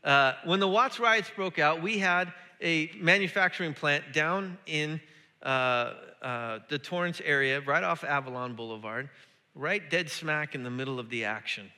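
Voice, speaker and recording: A man preaching with a very bright, forceful voice pitched a bit high. He builds up to emphatic, repeated calls. His words ring out with a long hall reverb, as in a church sanctuary. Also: unhurried. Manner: animated, rising to emphatic repetition. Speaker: pastor. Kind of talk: sermon.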